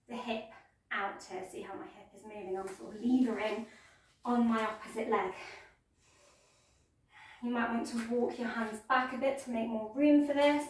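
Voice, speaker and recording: A woman teaching a yoga class, giving gentle, playful step-by-step cues. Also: a little high, far from the mic. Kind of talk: guided yoga class instruction. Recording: echoey room, voice from off mic.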